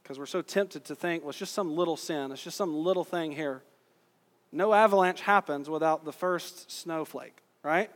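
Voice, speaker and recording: A man with a high voice delivers a sermon from the pulpit. He talks casually with his listeners, throws out rhetorical questions, and slows down to stress his points. His words carry a long echo through the church hall. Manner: conversational preaching, rhetorical questions, emphatic slowdowns. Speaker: pastor. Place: church sanctuary.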